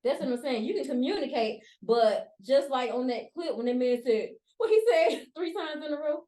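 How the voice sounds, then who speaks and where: A woman's voice: high voice, lively intonation, moderate pace, mellow. A woman co-hosting a casual podcast chat, talking animatedly and acting out little voices in her examples. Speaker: podcast co-host. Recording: echoey room.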